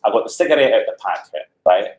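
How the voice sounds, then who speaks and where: A man telling an anecdote in an interview, animated, laughing often and acting out the voices of the people in his story. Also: lowish voice, quick pace. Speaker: interview guest. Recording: echoey room, faint noise.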